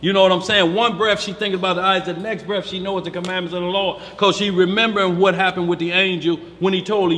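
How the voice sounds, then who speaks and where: A man leading a Bible study in a loud, animated preaching manner, breaking into acted-out voices as he explains the text. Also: high voice, fast talker, few pauses. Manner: animated, acts out voices, African American Vernacular speech patterns. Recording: roomy hall echo, faint background noise.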